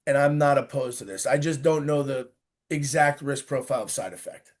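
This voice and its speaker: A man's voice: mid-range voice, a little fast. A male doctor giving informal, emphatic expert answers as a guest in an interview. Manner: emphatic, informal, direct advice.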